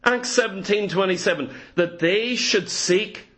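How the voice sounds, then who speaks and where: A man with a Northern Irish accent preaches with fervent emphasis. His voice sits high for a man. He drives his points home with rhetorical questions, building each one. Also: a little slow, a bit bright. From Northern Ireland. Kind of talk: sermon.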